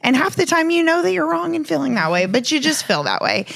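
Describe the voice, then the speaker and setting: A woman in her thirties, co-hosting a casual chat about faith and family, earnest and animated, acting out the things people said to her. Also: high-pitched, quick pace, vocal fry, dry recording, studio quality. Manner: earnest, animated, acts out quoted remarks. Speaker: podcast co-host.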